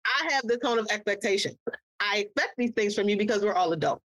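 A woman's voice: mid-range voice, expressive, fast, fairly bright tone, dry recording. Frank woman podcast co-host. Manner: frank, storytelling. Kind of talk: casual podcast chat. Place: studio couch.

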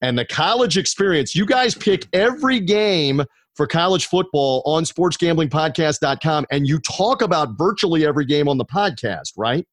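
A man's voice: fairly high pitch, lively intonation, normal speed, few pauses, dry recording, clean studio sound. A man hosting a sports betting podcast over a video call, plugging shows and guests in an upbeat, promo-heavy way. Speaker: podcast host.

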